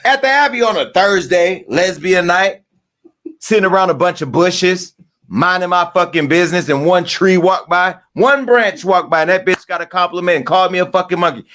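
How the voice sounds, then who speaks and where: A man's voice: high voice, normal speed. A man hosting a gossip show, telling profane stories in a brash, rowdy monologue. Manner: brash, profane, storytelling with loud asides. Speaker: host.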